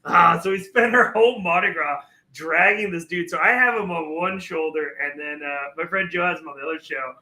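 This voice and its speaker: A man's voice: fairly high pitch, brisk, hardly any pauses, pushed and bright, reverberant, rough recording. A man co-hosting a casual chat, telling stories with lots of laughter and filler words. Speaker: co-host.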